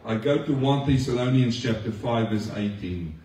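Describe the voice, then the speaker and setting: A male pastor gives a conversational sermon, often putting questions to his congregation. His mid-range voice is dark and at normal speed, recorded off-mic in an echoey room with slight background noise.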